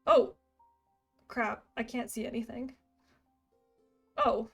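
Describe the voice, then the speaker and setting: A woman's voice: a little high, wildly swooping pitch, takes it slowly, gravelly, fairly bright tone, husky, faint music behind. A young woman, chatting casually while streaming a game and thinking aloud. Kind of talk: casual let's-play commentary.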